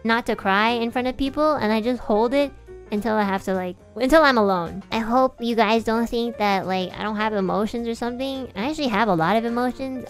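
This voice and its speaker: A woman livestreamer in casual chat, rambling with lots of "like" and swearing freely, emotional and sometimes cracking. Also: medium pitch.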